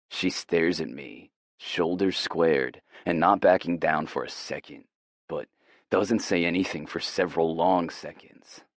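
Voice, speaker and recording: A man narrating a romance audiobook in the first person, with a measured, unhurried reading. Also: deep voice, no echo, studio quality.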